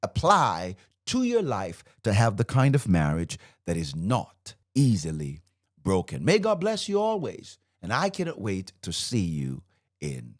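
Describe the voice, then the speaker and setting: Fired-up preacherly man, lively pitch. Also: unhurried. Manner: fired up, preacherly, quotes scripture. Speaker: marriage coach and host. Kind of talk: faith-based marriage teaching to camera.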